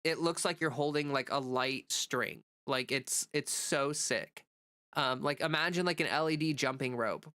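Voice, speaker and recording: A woman streamer and content creator with a cold drifts through casual chat, unhurried, reading viewer comments aloud. Her bass voice is a touch bright but nasal and stuffy, and she rambles with plenty of fillers.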